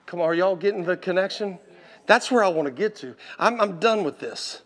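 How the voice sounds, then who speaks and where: A man preaching a sermon, impassioned and exhorting, swinging from loud intensity to hushed tones. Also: high-pitched, expressive, brisk.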